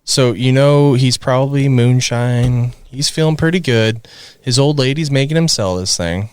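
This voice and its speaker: A man's voice: medium pitch, moderate pace, clear, resonant tone, no room sound. A man guest-hosting a car podcast in laid-back, joking casual chat.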